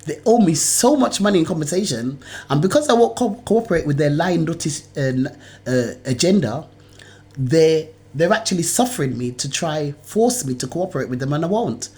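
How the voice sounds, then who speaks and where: A woman's voice: low-pitched, lively intonation, normal speed, warm tone. A woman in an agitated monologue to camera, her words tumbling out in long run-on chains. She repeats herself, restarts phrases and drops curses freely as she rambles on. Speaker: video blogger.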